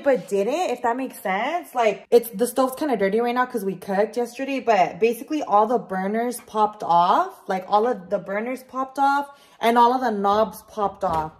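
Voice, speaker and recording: A young woman vlogging in her home kitchen, telling a story in an animated, casual way with lots of swearing and "like". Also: fairly high pitch. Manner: animated, swears freely, heavy use of "like".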